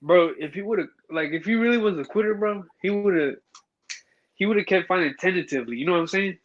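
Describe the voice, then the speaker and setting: A man's voice: sits high, brisk, lo-fi sound. A man co-hosting a casual boxing chat, laid-back, saying "bro" a lot.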